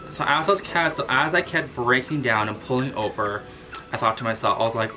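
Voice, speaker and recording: Animated man telling a storytime. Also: mid-range voice, brisk, over music. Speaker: vlogger. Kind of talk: casual storytime vlog. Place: at home with his cat.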